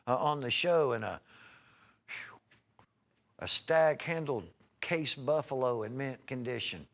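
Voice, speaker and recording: A man's voice: fairly high pitch, fairly bright tone. A man hosting a live home shopping broadcast, chatting in a folksy, rambling way while reeling off prices and item numbers. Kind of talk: live televised sales pitch.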